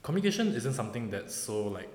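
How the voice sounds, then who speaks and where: A young man with a Singaporean English accent chats as a podcast guest, relaxed and quick. His mid-pitched voice rings in an echoey room with a long reverb tail. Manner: laid-back, restarts and fillers, laughs often. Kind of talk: casual podcast chat.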